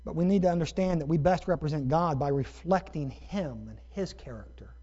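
Pastor from Ohio, muffled sermon. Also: male voice, on the high side, fairly quick, mellow. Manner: conversational, rhetorical asides. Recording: dull muffled recording.

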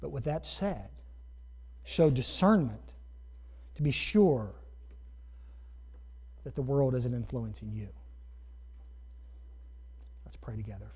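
A man's voice: medium pitch, animated, slow pace, pauses often, warm tone, slightly rough. A man from Ohio preaching a sermon as pastor, talking conversationally with rhetorical asides. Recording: dull muffled recording.

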